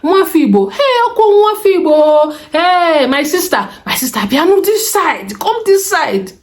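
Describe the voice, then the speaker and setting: A woman doing a loud Nigerian market trader. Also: very high-pitched, expressive, measured pace, voice pushed up. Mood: hollering. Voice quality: loud, sing-song calling. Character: pushy male market trader calling out to shoppers.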